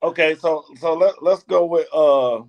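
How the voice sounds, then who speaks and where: A man with a slightly raised voice who talks sports on a podcast in a halting, teasing way. He stops often to search for words, and lets out a quick laugh now and then. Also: fairly high pitch, dull audio. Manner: hesitant, many uh fillers, teasing. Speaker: podcast co-host. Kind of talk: casual sports banter. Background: kids playing in the room.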